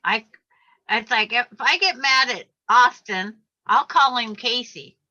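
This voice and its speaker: A woman's voice: on the high side, measured pace, bright, forceful tone. An older woman hosting a craft video, chatting casually over a video call and telling stories while she works. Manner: chatty, storytelling, laughs easily. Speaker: craft channel host. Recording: muffled video call audio.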